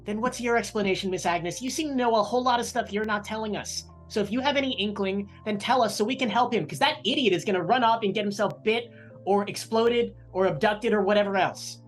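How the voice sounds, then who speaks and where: A woman's voice: medium pitch, fairly quick, soft background music, close to an everyday voice. A woman playing a blunt, exasperated teenage girl student in a tabletop game, speaking in a pushy way. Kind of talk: voiced game character.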